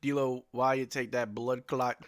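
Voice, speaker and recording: A man putting on a Jamaican accent to play a loud heckler scolding a basketball player in drawn-out, shouted lines. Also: medium pitch, flat delivery, no echo, studio quality, natural voice. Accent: put-on Jamaican.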